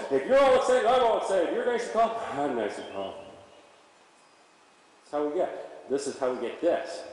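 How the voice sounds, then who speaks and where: A male horse trainer giving an energetic, animated demonstration and coaxing his horse as he works. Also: a little high. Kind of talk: instructional demonstration. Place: riding arena at a stable. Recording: echoey hall from far off.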